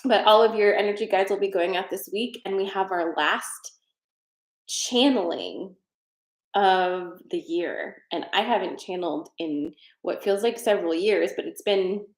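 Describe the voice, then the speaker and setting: A woman's voice: mid-range voice, echoey room. A woman hosting a tarot and energy livestream, chatting casually and leading a guided breathing exercise. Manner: chatty, rambling, many fillers.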